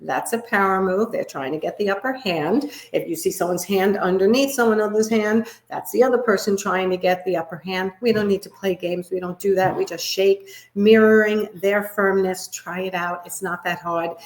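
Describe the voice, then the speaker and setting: A woman body language coach giving a live workshop, talking in a demonstrative way and shifting her pitch and volume to make her points. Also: steady tone, moderate pace. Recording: echoey room.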